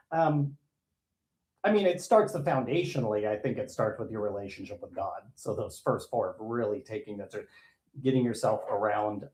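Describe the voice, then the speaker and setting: Radio guest, man, relaxed and joking, roomy echo. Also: on the low side. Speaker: podcast guest. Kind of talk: casual radio conversation. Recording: roomy sound with faint noise.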